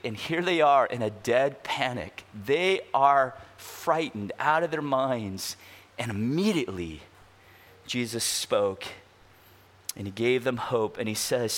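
A pastor delivering an expository sermon, asking rhetorical questions and slowing down to stress key words. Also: male voice, mid-range voice, animated, a bit bright. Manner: emphatic, rhetorical questions, slows down for weight.

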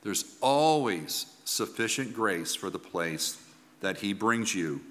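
A man's voice: fairly low pitch, expressive, fairly bright tone. Earnest male preacher in a reverberant hall. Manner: earnest, emphatic preaching with pauses and restarts. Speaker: pastor. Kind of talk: sermon.

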